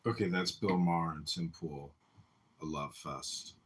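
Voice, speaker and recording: A man's voice: extremely low pitch, fairly even intonation, unhurried, fairly bright tone, a little hiss or hum. A man hosting a livestream, making offhand remarks between clips. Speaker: livestream host. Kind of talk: commentary.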